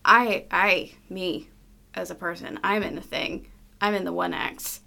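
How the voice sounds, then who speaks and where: A young student co-hosting a casual college podcast, with goofy deadpan quips. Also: mid-range voice, measured pace, creaky. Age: young adult. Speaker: podcast co-host.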